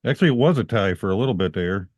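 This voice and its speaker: A man's voice: lowish voice, expressive, racing, darkish tone, no echo, studio quality. A man co-hosting an online music show with laid-back, joking banter. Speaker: radio DJ co-host. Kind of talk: casual on-air chat. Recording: dull, lo-fi mic sound.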